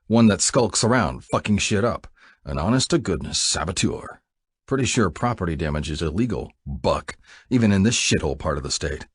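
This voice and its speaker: A man's voice: low-pitched, lively intonation, normal speed, breathy edge, dry recording, clean studio sound. A man voicing a cocky, sarcastic young man with a mocking way of talking. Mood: taunting.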